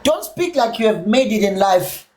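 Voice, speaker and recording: A man's voice: sits high, very animated, moderate pace, darkish tone. A South African man with a Zulu accent, hosting a livestream and ranting in a heated, profane, combative way while mixing English with Zulu. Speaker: livestream host.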